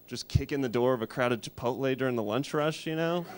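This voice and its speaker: A man in his thirties doing a stand-up comedy set, deadpan and rambling, shouting when he acts out characters. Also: mid-range voice, a little fast, slight background noise. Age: 30s.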